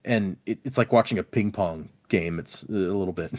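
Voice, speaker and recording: A man's voice: deep voice, brisk. A young man co-hosting a podcast, chatting casually about a book and reading passages aloud. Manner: animated, reads quotes aloud between commentary. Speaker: podcast co-host.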